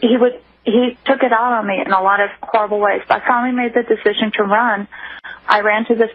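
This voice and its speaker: A woman guest on a radio call-in show, recounting her own story in an earnest, halting way with many restarts. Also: fairly high pitch, fairly even intonation. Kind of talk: personal account on a call-in show. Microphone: telephone. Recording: muffled phone line.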